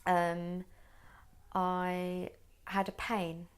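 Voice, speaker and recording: A woman's voice: fairly low pitch, level tone, drawn-out words, clear, resonant tone. A woman who is a podcast guest, vividly retelling a personal story and acting out the people in it. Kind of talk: personal conversation.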